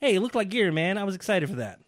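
A man co-hosting a podcast, rambling excitedly with restarts and laughs in casual chat. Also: high voice, fast talker, no echo, clean studio sound. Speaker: podcast co-host.

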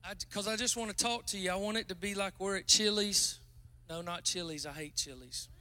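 A male preacher with a high, bright voice, talking to the congregation like a friend over dinner. He jokes at his own expense and then breaks into loud praise. His tone stays forceful and ringing throughout. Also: brisk. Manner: chatty, self-mocking, bursts into loud exclamations. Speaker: guest pastor. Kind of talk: casual joking sermon.

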